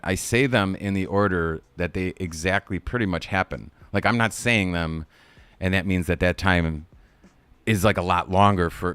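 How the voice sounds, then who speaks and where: A man's voice: deep voice, fairly bright tone, smooth, no echo. A man recapping a kids movie on a live stream in a casual, rambling way, swearing often and laughing at his own jokes.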